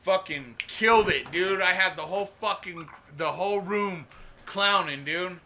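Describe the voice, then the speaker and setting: A young man, a stand-up comedian, telling animated, profane stories in a casual podcast chat. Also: high voice, a little slow, a little hiss or hum. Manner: profane, animated storytelling full of "dude" and "bro".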